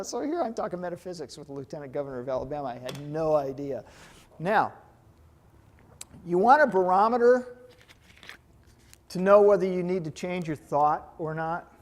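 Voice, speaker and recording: Guy teaching a class, kinda high voice, lively, cracks jokes and quizzes the room. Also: brisk. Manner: lively, joking asides, quizzes the audience. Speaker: hypnotherapy instructor. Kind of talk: lecture to a live class.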